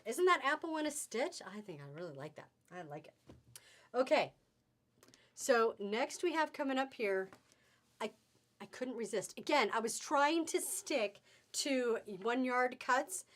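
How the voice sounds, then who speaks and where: A woman's voice: a little high, expressive, a little slow, fairly bright tone. A middle-aged woman hosting a live fabric sale stream, chatty and gushing, laughing often as she reads out codes.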